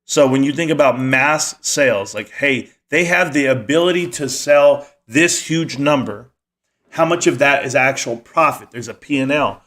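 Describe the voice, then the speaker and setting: A man's voice: medium pitch, moderate pace, fairly bright tone. A man hosting a casual live stream, rambling animatedly and answering his chat as he goes.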